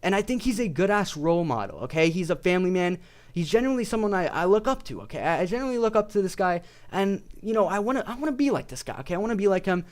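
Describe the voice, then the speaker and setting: A man's voice: high voice, racing. A young man ranting casually about his favorite fighters, swearing constantly and rambling. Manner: profane, rambling, excitable. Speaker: video creator.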